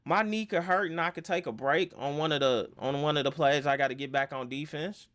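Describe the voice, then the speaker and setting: A man's voice: fairly high pitch, fairly quick, fairly bright tone, close to an everyday voice. A man voicing a stubborn, aging male pickup basketball player who brushes off criticism. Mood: defensive.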